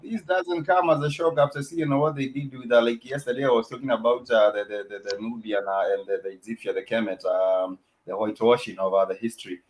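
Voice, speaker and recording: A man's voice: mid-range voice, fairly even intonation, brisk, hardly any pauses, poor audio. A man hosting an online talk show, speaking hesitantly with many fillers and repeated words. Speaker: host. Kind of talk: casual chat.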